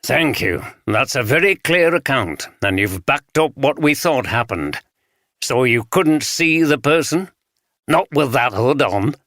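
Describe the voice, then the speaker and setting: A man reading a gentle detective. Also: medium pitch, animated, unhurried, no echo, studio quality, voice pushed up. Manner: gentle, reassuring. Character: calm, kindly male police detective.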